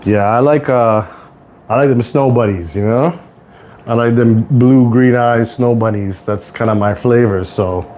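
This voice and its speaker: A young man from Toronto hosting a casual live cooking stream, rambling to viewers in relaxed slang from his home kitchen. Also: mid-range voice, measured pace. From Toronto, Canada. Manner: laid-back rambling slang-heavy talk to viewers. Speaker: livestream host.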